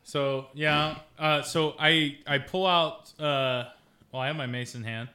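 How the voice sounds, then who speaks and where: A man's voice: a little high, fairly even intonation, slow, sharp tone. A man playing a tabletop game, indignant and swearing a lot. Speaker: player.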